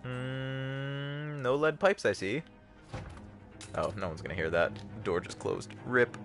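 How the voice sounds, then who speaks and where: A young man hosting a livestream, giving casual, jokey gameplay commentary with sudden excited yelps. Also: sits low, moderate pace, gravelly, faint music behind. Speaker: livestream host.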